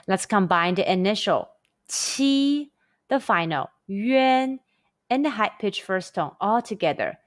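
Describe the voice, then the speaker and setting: A woman teaching a scripted pronunciation lesson, speaking slowly and carefully with over-enunciated drills. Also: mid-range voice, animated, no echo, clean studio sound. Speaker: language teacher.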